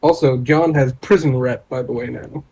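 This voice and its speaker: A man playing in a tabletop game, jokey and quick to laugh. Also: mid-range voice, steady tone, vocal fry, darkish tone, slightly rough, rough recording. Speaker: player. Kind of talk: casual tabletop play.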